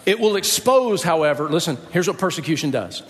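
A man's voice: on the high side, animated, fairly quick, big-room sound, slight background noise. A man preaching a sermon, telling a personal story and acting out the voices of the people in it. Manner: storytelling, acts out quoted voices.

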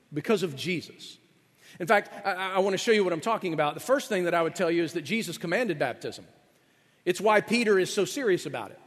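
A male pastor delivers an emphatic sermon in a high, ringing voice. He stretches and lifts key words for emphasis, and his voice carries the long reverb of a large hall. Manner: emphatic preaching, slows and rises on key words.

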